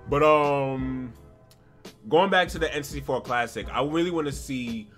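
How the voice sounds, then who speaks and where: Lively bright-voiced guy hosting a gaming chat, faint music behind. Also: medium pitch, a little slow. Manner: animated, laughs often, reads donations. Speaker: podcast host. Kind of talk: casual livestream chat.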